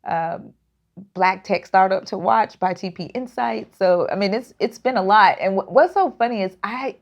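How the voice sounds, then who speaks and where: A woman's voice: medium pitch, moderate pace, vocal fry. Brief: woman, 30s, earnest guest on a video call, muffled lo-fi audio. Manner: earnest, with frequent fillers and restarts. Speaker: startup founder and guest. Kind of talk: casual interview talk. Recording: dull lo-fi audio.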